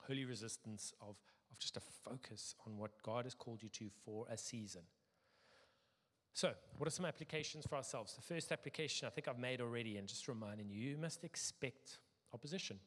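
A middle-aged man preaches with lively, theatrical energy and voices the people he quotes with sharp leaps in pitch. His voice sits at an ordinary middle height for a man. The sound carries a long, reverberant hall tail. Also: a little fast. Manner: animated, acts out quoted voices with big pitch jumps. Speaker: pastor. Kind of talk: sermon.

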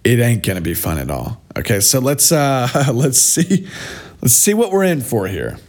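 A man's voice: medium pitch, huge pitch swings, moderate pace, a little mellow. A man vlogging sarcastic, mocking commentary on posts he reads aloud.

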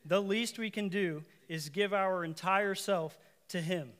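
Speaking a little slowly in a fairly bright, somewhat high voice, a preacher gives a conversational sermon to his congregation. He pauses for asides and self-corrections, then climbs to emphatic lines he repeats.

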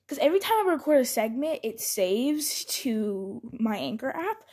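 A woman's voice: high-pitched, darkish tone. A young woman hosting her own podcast at home, chatty and scattered, often stopping herself and starting over. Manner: chatty, scattered, self-interrupting with frequent restarts. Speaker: podcast host. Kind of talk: casual solo podcast bloopers.

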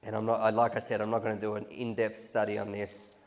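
A man preaching a sermon, telling stories with animated restarts and repetitions. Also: on the low side, fast. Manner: storytelling, animated, restarts and repeats. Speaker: pastor.

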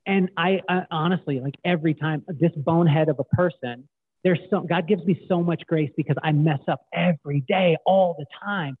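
A middle-aged man guest, telling stories in an animated way and acting out quotes. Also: a little high, normal speed, breathy edge, no echo. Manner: animated storyteller, acts out quotes. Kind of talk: casual storytelling interview. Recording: tinny phone-like line, dry.

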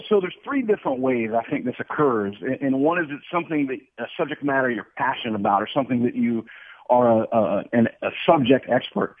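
A man's voice: mid-range voice, husky, no echo. A man from the Ohio Valley, a guest on a radio talk show, speaking energetically, repeating words and acting out little dialogues. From Ohio Valley, USA. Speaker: guest sales expert. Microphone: telephone. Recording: tinny dry phone line.

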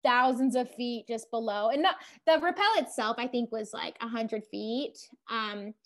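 A young woman tells a story in a relaxed conversation. Her voice sits a little high, and she talks in loose runs packed with "like", laughing here and there. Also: normal speed. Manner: chatty, lots of "like", laughs while telling. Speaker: podcast host telling her climbing story. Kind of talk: casual storytelling chat.

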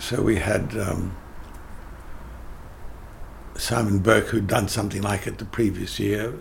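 A man's voice: lowish voice, steady tone, unhurried, vocal fry, slight background noise. An older man, a theatre director telling emphatic anecdotes in an interview, often restarting his sentences. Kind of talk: interview conversation.

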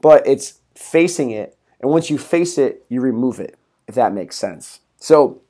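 A man's voice: medium pitch, animated, unhurried, mellow. A young man hosting his own podcast in a casual solo talk, upbeat and rambling with lots of fillers and laughs. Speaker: podcast host.

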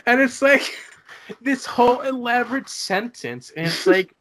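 A man's voice: extremely high pitch, expressive, unhurried, a bit bright, slight background noise. A young man co-hosting a casual podcast, laughing often and stumbling over restarts. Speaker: podcast co-host. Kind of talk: casual chat.

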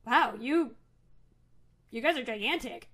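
A woman's voice: high-pitched, measured pace, a bit bright. Woman doing a stern little young priestess. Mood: awed. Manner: scolding. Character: young female priestess, small, stern and scolding.

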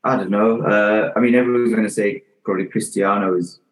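A man's voice: fairly low pitch, steady tone, brisk, rough recording. A man as a guest in a casual football chat, hedging and hesitant.

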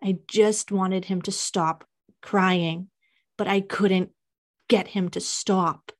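A young woman hosting a podcast, telling a painful personal story in a halting, emotional confession. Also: mid-range voice, fairly even intonation. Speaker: podcast host.

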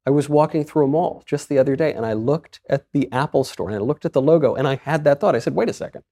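A man's voice: on the high side, quick pace, dark tone. A man hosting a podcast, asking a priest questions in a curious, wry way. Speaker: podcast host. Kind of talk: interview conversation.

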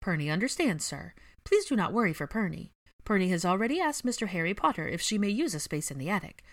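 A woman's voice: medium pitch, sing-song, fast talker, voice pushed up. A woman voicing a small, eager female house-elf servant who speaks of herself in the third person and calls everyone sir. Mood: eager, deferential.

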